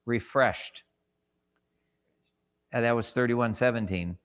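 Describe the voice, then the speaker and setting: A man's voice: medium pitch, lively intonation, moderate pace, a bit bright. A man teaching a church Bible class, conversational, asking the class questions and acting out short quotes. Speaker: Sabbath school teacher. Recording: long hall reverb.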